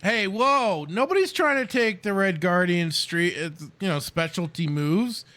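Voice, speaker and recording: A man's voice: high-pitched, expressive, unhurried, bright, forceful tone. A man streaming a video game, making sarcastic jokes and talking to his chat as he plays. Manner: joking, sarcastic, talks to chat. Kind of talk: let's-play commentary.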